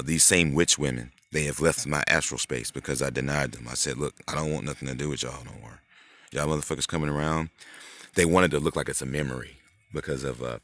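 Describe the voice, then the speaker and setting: A man's voice: rumbling low, bright, forceful tone, no room sound. A man hosting his own vlog, talking in a loose, rambling monologue full of swearing, fillers and restarts. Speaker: channel host.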